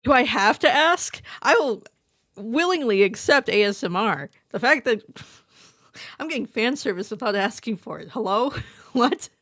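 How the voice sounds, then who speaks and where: A woman streamer in casual chat with her viewers, quick to laugh and easily excited. Her voice sits a bit higher than most, and the sound is dry and close with no room echo. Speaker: live streamer.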